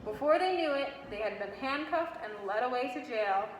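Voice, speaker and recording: A woman teacher reading a storybook aloud to a class in an animated way, stopping to ask the children questions. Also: high-pitched, moderate pace, faint music behind. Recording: echoey classroom with long reverb, faint noise.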